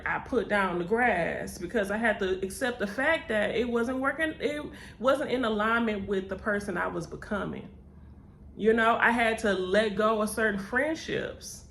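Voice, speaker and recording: A young adult woman vlogger, telling her story candidly and expressively. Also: on the high side. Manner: expressive, animated, says "baby" and "child". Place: cousin's house. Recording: echoey room.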